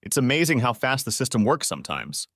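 A man's voice: medium pitch, sing-song, brisk, a bit bright, dry recording. A man narrating a first-person story in a scripted audiobook reading on a close mic.

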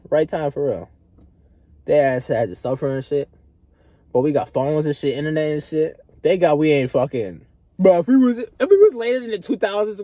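A young male vlogger rants straight to camera, loud and profane one moment and muttering the next. His voice is husky and darkly mellow, with a lively, bouncing pitch. The sound is dry and close. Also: dry recording. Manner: loud, profane, swings between shouting and muttering. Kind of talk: unscripted rant to camera.

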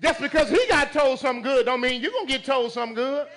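Male pastor, very high bright voice, AAVE, shouting call-and-response sermon. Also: fast. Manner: call-and-response preaching, sudden shouts and laughs.

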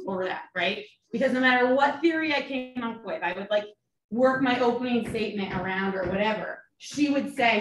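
A middle-aged woman trial attorney teaching a seminar to nurses, animated and full of rhetorical questions. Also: a little high, a little hiss or hum. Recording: echoey room, distant mic, faint ambience.

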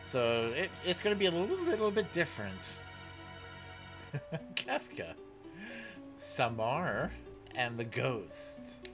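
A man commenting on a game as he plays, excitable, reading dialogue aloud and laughing often. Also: mid-range voice, takes it slowly, long pauses. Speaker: gaming let's player. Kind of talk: let's play commentary. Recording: faint game music behind.

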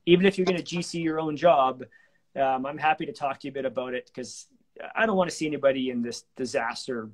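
A man hosting a live renovation talk show, relaxed and chatty with many fillers. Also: mid-range voice, fast. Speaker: host.

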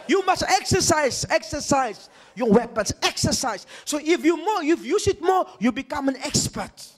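A man's voice: very high-pitched, animated, moderate pace, hardly any pauses. A male pastor preaching animatedly, repeating phrases and checking in with his congregation. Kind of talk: sermon.

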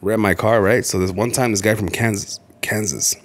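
A man's voice: on the low side, fairly even intonation, moderate pace. A man, co-hosting a podcast as a casual chat, blunt and profane, telling stories. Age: late 20s to 30s. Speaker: podcast co-host.

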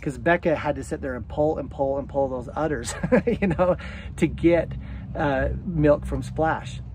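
A man's voice: fairly high pitch, unhurried, a little mellow, slight background noise. A man vlogging about homesteading, talking casually to the camera in a chatty, self-deprecating way.

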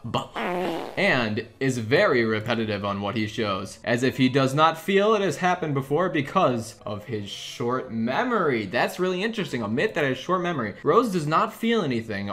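A man's voice: mid-range voice, normal speed. Jumpy guy narrating a game, voice swoops all over, nervous laughs. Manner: animated, jumpy, nervous giggling, reads lore aloud. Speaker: gaming YouTuber. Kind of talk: excited gameplay commentary.

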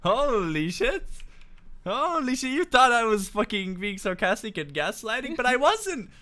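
Man, casual gaming chat, swears a lot, animated pitch, a bit high. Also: moderate pace. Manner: loud, swearing, mock-offended, laughing a lot. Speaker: streamer.

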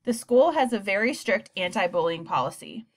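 A gentle male school official with a measured, soothing way of speaking. He tries to calm the room, voiced by a woman reading aloud. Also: medium pitch, close to an everyday voice.

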